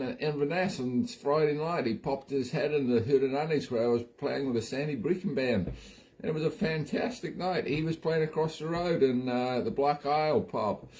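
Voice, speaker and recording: Brash Aussie soap star, rambling slangy banter, voice pitched lower, put on by a man. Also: darkish tone, lightly acted. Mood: chatty. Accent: put-on Australian. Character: brash jokey Australian soap actor, male, middle-aged. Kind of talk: comic impression on a live stream.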